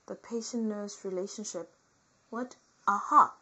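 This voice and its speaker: A woman reading a nursing workbook aloud as comedy, with theatrical asides that swing between whispers and loud outbursts. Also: lowish voice, lively intonation, unhurried, slightly rough, poor audio.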